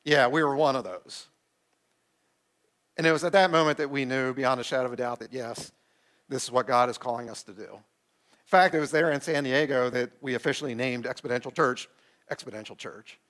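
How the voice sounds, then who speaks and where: This sermon features a middle-aged pastor recounting something from his own life, animated and self-mocking, acting out what people said. He speaks briskly, with a medium pitch.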